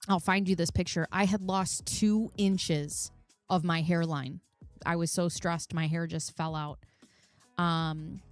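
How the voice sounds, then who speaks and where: A woman's voice: on the low side, darkish tone, clear, resonant tone, no room sound. A middle-aged woman hosting a casual live chat, telling personal stories candidly and swearing freely. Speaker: channel host.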